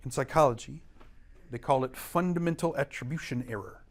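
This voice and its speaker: This man speaks at medium pitch and a brisk clip while teaching an adult Bible study at church. Working in a church classroom, he earnestly unpacks scripture, hits key words hard, and briefly voices scripture figures.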